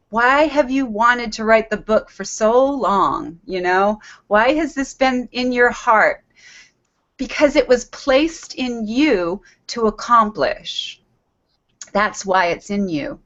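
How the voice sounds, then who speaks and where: Middle-aged woman, author hosting a call; earnest, repetitive, upbeat; slightly high voice, lo-fi line. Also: fairly bright tone. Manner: earnest, repetitive, laughs often. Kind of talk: motivational talk on a call.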